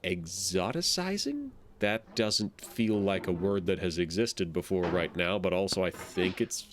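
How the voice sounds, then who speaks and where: A man's voice: low voice, big pitch swings, measured pace, slight background noise. A man streaming a game, rambling casually and playfully and making silly sound effects between thoughts. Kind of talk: casual gameplay commentary.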